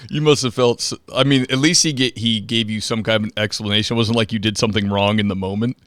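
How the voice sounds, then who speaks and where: A middle-aged man hosts a casual interview, chatty and loose, with lots of fillers in his questions. His voice sits on the low side, recorded dry and close. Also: quick pace, smooth, no echo. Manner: relaxed, chatty, many fillers. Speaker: podcast host, police officer.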